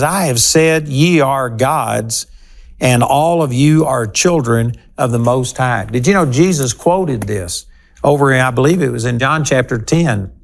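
A man teaching a sermon on a television program, earnest and emphatic in a conversational way. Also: medium pitch.

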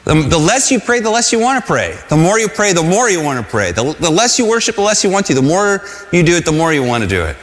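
A man preaching a sermon in an earnest, conversational way, at times crying out loudly and at times stumbling over restarts. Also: high-pitched, sing-song. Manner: earnest, conversational, with shouted cries and halting restarts. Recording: long hall reverb.

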